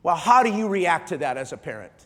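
A middle-aged man, a pastor, preaching an emotional sermon, often halting and repeating his starts. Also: a little high, very animated, fairly bright tone, long reverb tail. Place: large church hall.

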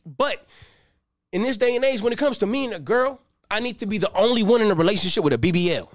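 A young man doing a profane, streetwise stand-up routine and breaking into shouted bursts. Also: high voice, lively intonation, fast talker, no room sound, clean studio sound. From Los Angeles. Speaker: stand-up comedian.

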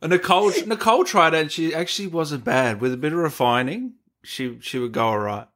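A man with an Australian accent hosting an interview, relaxed and friendly, reading out viewer questions. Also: a little high, a little fast. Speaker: interview host. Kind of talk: casual interview chat.

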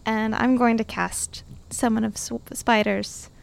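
A woman's voice: on the high side, steady tone, a little slow, gravelly, clear, resonant tone. A woman playing a tabletop role-playing game, speaking her character's lines in a coaxing, flirty way. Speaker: player.

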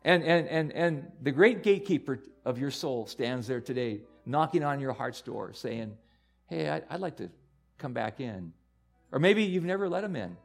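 A man preaching a sermon as pastor, earnest and repeating himself, building to loud emphatic peaks. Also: mid-range voice, animated, moderate pace, gravelly, faint music behind.

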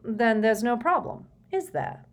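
A woman voicing a cold, brisk male wizard minister who speaks curtly and matter-of-factly. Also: extremely high pitch, animated, voice pushed up. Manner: curt, cold, matter-of-fact.

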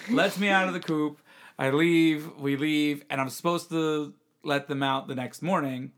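Telling a story on his podcast, a young male host speaks at a moderate pace in a slightly high voice, keeping it casual. He animatedly voices the people in the tale and laughs often along the way.

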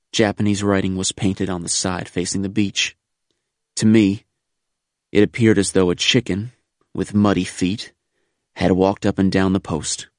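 A man narrating a first-person wartime memoir in a measured, sober, reflective way. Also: sits low, dry recording, clean studio sound.

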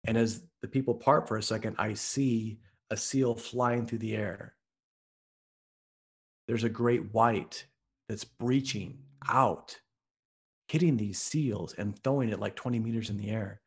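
Speaking unhurriedly in a low voice with a breathy edge, an author and speaker from Oklahoma in the US Midwest tells a story on a podcast as a guest. His conversational storytelling is earnest and vivid.

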